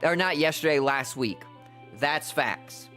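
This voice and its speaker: A man's voice: fairly high pitch, slow pace, pushed and bright, soft background music. A male streamer doing live gameplay commentary in exasperated, profane, mocking rants, rambling through stories with restarts.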